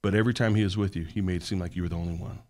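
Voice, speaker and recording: A man who is a podcast guest and works on college sports staff. He tells earnest, animated stories in a casual interview conversation. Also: sits low, very fast.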